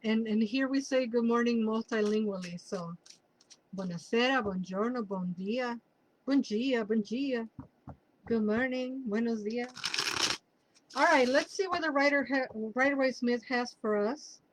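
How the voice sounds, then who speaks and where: Spanish-accented lady reading tarot cards, rambly and chatty, kinda high voice. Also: unhurried, slight background noise, low-quality recording. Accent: Mexican Spanish. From Mexico City. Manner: chatty, rambling, drifts into personal asides. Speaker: tarot reader. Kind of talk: casual tarot reading for viewers.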